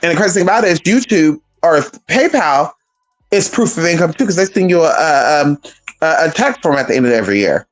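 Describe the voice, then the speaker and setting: A man's voice: a little high, lively intonation, brisk, faint music behind. A man hosting his channel, ranting in a sassy, profane, swooping and emphatic way. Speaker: channel host. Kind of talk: casual rant to camera.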